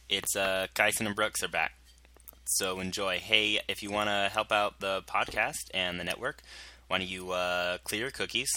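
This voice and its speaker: A man's voice: deep voice, bright, forceful tone. A man giving a casual, rambling podcast intro and plug, self-deprecating about it. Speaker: network intro host.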